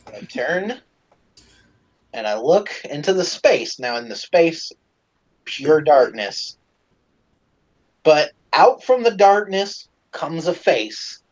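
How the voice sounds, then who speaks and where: Male stream host with a fairly high voice, casual, profane, animated storyteller, slightly lo-fi audio. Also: slow, pauses often. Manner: animated, profane, lots of fillers.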